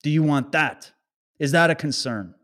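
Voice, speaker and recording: A man's voice: fairly high pitch, a bit bright. A man delivering an agitated ranting monologue, firing off one rhetorical question after another at his listeners. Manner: rapid-fire rhetorical questions; emphatic, agitated.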